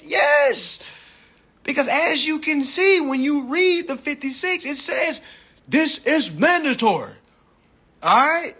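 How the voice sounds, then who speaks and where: Husky, forceful man ranting on a live stream. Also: high-pitched. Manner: emphatic, profane, repeats points with "all right?". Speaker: live-stream host teaching a class. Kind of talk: casual instructional rant on a live stream. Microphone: phone.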